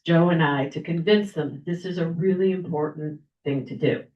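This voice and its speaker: Older woman telling a story in an echoey room. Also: lowish voice. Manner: animated storyteller, acts out quoted people. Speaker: club member giving a speech. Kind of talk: prepared storytelling speech. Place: meeting room at a club lunch. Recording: echoey room, dull lo-fi sound.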